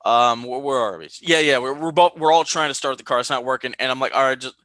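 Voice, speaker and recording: A young man hosts a casual podcast, bright and forceful in tone. He tells stories with animation, often jumping up high to act out what others said. The sound is dry and close, with no room around it. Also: fast, no echo. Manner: animated storytelling, high-pitched quoted voices. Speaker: podcast host.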